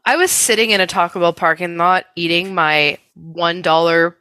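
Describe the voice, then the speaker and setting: Woman, bright voice, dry close sound, podcast co-host, swears a lot, laughs often. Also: lowish voice, moderate pace, no room sound. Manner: profane, laughing storyteller. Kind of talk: casual chat.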